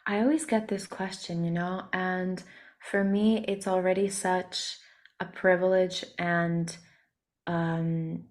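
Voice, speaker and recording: A woman singer with a hoarse voice from a cold, speaking softly with many pauses in a casual interview. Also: lowish voice. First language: Russian. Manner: soft-spoken, many ums and pauses. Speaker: singer and musician, interview guest.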